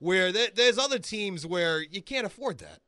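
A man's voice: sits high, lively intonation, moderate pace, pushed and bright, no room sound, studio quality. A man who is a radio producer, joining sports talk chat with emphatic, indignant points.

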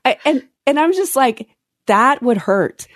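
A woman co-hosting a podcast speaks in a high-pitched voice at a measured pace, expressively chatting about a Bible reading in a casual Bible study. She reads verses aloud and breaks off mid-thought, interrupting herself, in a dry, studio-quality recording.

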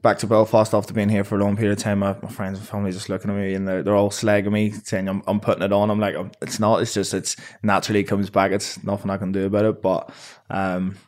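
A man in his twenties with a Northern Irish accent, answering interview questions in a relaxed, rambling way with many fillers. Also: lowish voice, fast talker, hardly any pauses. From Northern Ireland. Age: 20s. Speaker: professional boxer, guest.

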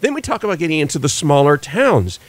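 A man's voice: fairly high pitch, sing-song, fast, dry recording. A man hosting a radio morning show recap, explaining things in a casual way with plenty of fillers and restarts. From western United States.

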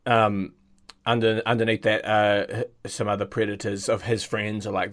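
A man co-hosting a comedy podcast speaks at a normal pace in a lowish, slightly bright voice with little pitch movement. He rambles hesitantly through an improvised silly story, full of fillers and restarts, and acts out goofy quoted voices.

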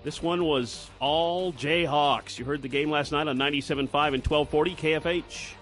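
A man's voice: a little high, fairly even intonation, a bit bright, soft background music. A man co-hosting morning radio, trading dry quips and then reading a sports report. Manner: dry, matter-of-fact quips; reads sports news briskly. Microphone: studio microphone.

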